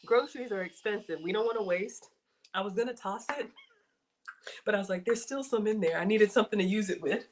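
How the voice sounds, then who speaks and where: A woman's voice: mid-range voice, brisk, noisy background. Woman in her 40s, chatty livestream host, says y'all a lot, kinda winded. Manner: chatty, folksy, addresses viewers as y'all. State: out of breath. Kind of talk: casual livestream chat.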